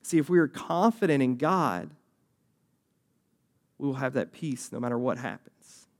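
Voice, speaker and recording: A man's voice: medium pitch, expressive, unhurried. A young man preaching a sermon as a youth pastor, talking conversationally and acting out voices from the story.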